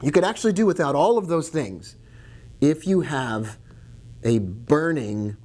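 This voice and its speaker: A man's voice: fairly high pitch, sing-song, unhurried, darkish tone. A man teaching about trading in a casual video lesson, chatty and digressive, with jokes and asides. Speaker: trading educator.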